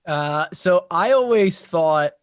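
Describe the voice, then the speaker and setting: A man's voice: high voice, lively intonation, slow pace, no room sound. A man from Philadelphia, a golf podcast panelist, explaining his view in a wry, offhand way in a casual chat.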